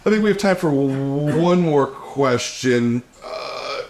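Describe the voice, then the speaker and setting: A man moderating a live panel, lively with quick reactions. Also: medium pitch, a crowd in the background.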